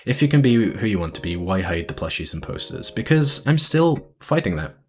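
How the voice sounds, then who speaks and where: Earnest rambling young man, low voice. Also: big pitch swings, a little fast, soft background music. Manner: earnest, rambling, repeats words when starting sentences. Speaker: convention panelist and video editor. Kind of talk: casual online convention panel talk. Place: room at home with posters up.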